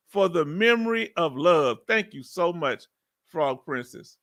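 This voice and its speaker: A man's voice: a little high, lively intonation, a little slow, pushed and bright. A Texan man in his fifties with a Southern accent, hosting a casual live stream as a veteran, reading viewer comments aloud and laughing often. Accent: Southern US, Texas. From Texas. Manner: chatty, laughing, drawling asides. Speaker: livestream host, veteran.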